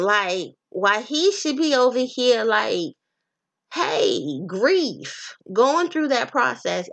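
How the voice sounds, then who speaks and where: Woman podcast host, casual profane monologue, animated and direct with listeners. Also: medium pitch, vocal fry.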